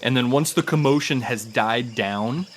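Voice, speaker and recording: Game master guy narrating a tabletop game, slow and casual, lots of ums, faint hiss behind him. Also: mid-range voice. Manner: casual, halting with fillers.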